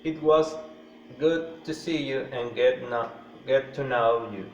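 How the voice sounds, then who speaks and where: A man's voice: mid-range voice, slow, highs cut off, a little hiss or hum. Distant hesitant male student in roomy class. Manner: hesitant, repeats words after teacher.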